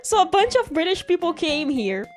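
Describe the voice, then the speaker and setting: A woman's voice: very high voice, big pitch swings, moderate pace, faint music behind. A woman streaming, chatting and rambling through a story in English, laughing often. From Brazil. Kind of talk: casual rambling stream chat.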